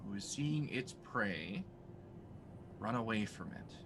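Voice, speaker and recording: A man narrating as game master of a tabletop game, speaking in a relaxed, halting way with fillers. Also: lowish voice, noisy background. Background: music.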